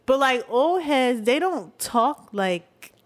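A woman's voice: sits high, animated, slow pace. Philly woman telling a story casually. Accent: Philadelphia. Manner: storytelling, laughing. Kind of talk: casual chat.

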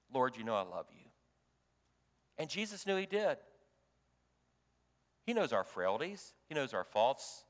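A man preaching a sermon as pastor, swinging from loud emphasis to hushed tones. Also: medium pitch, big-room sound.

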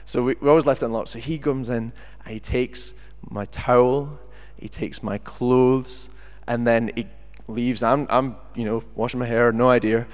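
A young British man preaching a sermon, reading scripture and then talking in a lively, chatty way with jokey asides. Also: mid-range voice, moderate pace. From Britain. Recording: long hall reverb.

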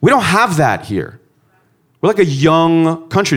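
Lively stand-up comic telling airport stories. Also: male voice, on the high side, unhurried. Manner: shifts between hushed reflective musing and loud punchlines; profane, conversational storytelling. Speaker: stand-up comedian. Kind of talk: stand-up comedy set.

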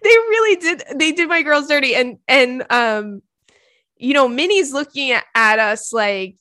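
A woman's voice: high voice, measured pace, sharp tone, no room sound. Chatty young woman, dry close sound. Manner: chatty, ranting, laughs often. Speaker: podcast host. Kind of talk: casual chat.

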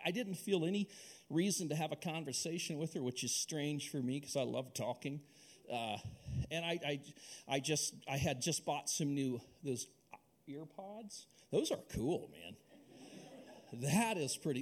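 Animated pastor preaching, lively high voice. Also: male voice. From Alaska. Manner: animated, conversational storytelling with many restarts. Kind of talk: sermon with personal story.

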